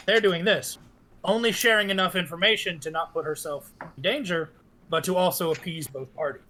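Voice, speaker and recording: A man playing a tabletop game, laying out his character's schemes in a deliberate, talkative way. His voice is high for a man and sounds bright and forward. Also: a little hiss or hum, poor audio. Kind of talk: casual game chat.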